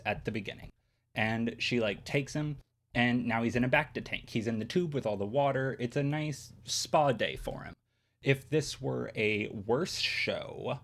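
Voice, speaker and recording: Chatty male host, sassy and playful, mid-range voice, recapping a show from his bedroom. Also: mid-range voice. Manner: chatty, sassy, filler-heavy. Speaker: channel host. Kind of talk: casual TV episode recap.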